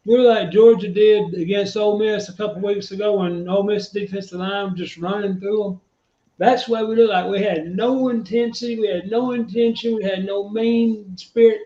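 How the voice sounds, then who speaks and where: A man's voice: high-pitched, steady tone, moderate pace, mellow. A man, ranting about football on a fan talk show, fired up and cursing. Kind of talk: heated sports fan talk. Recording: echoey, dull lo-fi.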